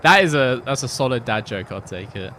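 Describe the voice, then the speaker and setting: A young man streams a racing game from his home setup, talking into a headset mic in casual live-stream chat. His medium-pitched voice is animated, brisk, pushed and bright, with a little hiss or hum behind it. He rambles and pokes fun at himself, dropping giggly asides.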